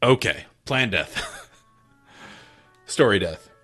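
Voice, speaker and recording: A man's voice: fairly low pitch, lively intonation, drawn-out words, sharp tone, slightly rough, faint music behind. A man giving wry, joking let's-play commentary over a retro game. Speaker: gaming channel host.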